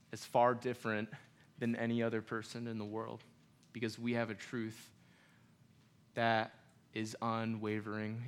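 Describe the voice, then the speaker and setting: A man's voice: mid-range voice, a bit bright, clear, resonant tone. A young adult man preaching a sermon in a conversational way, with humor and asides to the congregation. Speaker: pastor.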